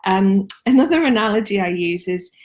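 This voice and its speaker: A woman's voice: medium pitch, expressive, normal speed, a little mellow. A woman, talking casually and practically about marketing tips on a live stream, with frequent ums. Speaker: marketing consultant and host.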